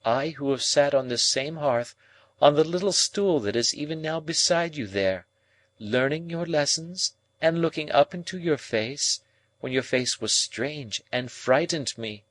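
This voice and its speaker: A cold, proud young woman, as a male narrator voices her in an audiobook. She lifts her voice only slightly and reasons in slow, measured, cutting sentences. The sound is close and dry. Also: fairly high pitch, lively intonation, a bit bright, no room sound, voice pushed up. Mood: cool.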